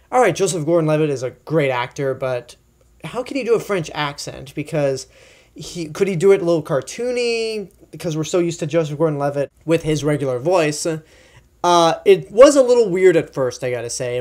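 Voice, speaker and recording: A young man giving a casual, chatty film review, enthusiastic and full of asides and fillers. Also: fairly high pitch. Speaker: movie reviewer.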